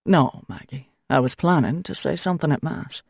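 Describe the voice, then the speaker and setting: A woman voicing a patient, kindly male priest who talks warmly and gently. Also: low-pitched, vocal fry, husky, no echo, clean studio sound, exaggerated voice. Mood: wistful. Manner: warm, patient, slow.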